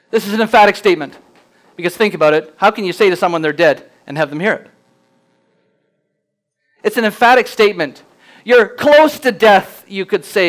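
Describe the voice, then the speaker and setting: A man preaching a sermon, earnest and plainspoken, slowing down to read scripture aloud with rising emphasis. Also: high-pitched, a bit bright, poor audio. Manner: reads scripture slowly and deliberately, rising for emphasis. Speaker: pastor.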